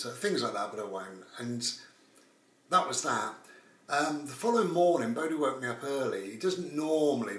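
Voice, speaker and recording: A man's voice: medium pitch, fairly bright tone. A man, telling a rambling, casual story as a vlogger. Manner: rambling, with frequent "and all the rest of it". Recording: roomy, distant mic.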